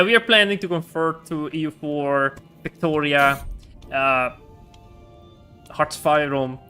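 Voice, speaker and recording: A man giving live commentary as he plays a strategy game as a streamer, reacting aloud in an excitable way and laughing often. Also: mid-range voice.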